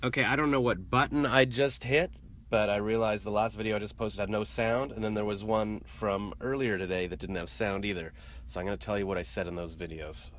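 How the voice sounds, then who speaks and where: A man's voice: lowish voice, steady tone, brisk, fairly bright tone, a little hiss or hum. A man chatting casually into his phone for a vlog, rambling and poking fun at himself as he goes about his day. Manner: rambling, self-deprecating. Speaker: vlogger. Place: out and about in a city.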